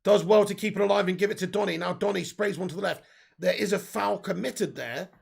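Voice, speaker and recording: Brief: male watch-along host, high-ish gravelly voice with a husky edge, casual, excitable. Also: a little fast. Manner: excitable, casual, swears, reads out viewer messages. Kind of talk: live football watch-along commentary.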